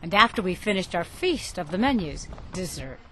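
Lively woman reporter narrating news. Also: on the low side, normal speed, a little hiss or hum.

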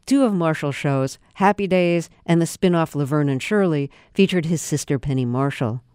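Smooth, clear-voiced radio host. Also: medium pitch, moderate pace, darkish tone, no room sound, clean studio sound. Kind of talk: interview hosting, scripted introduction.

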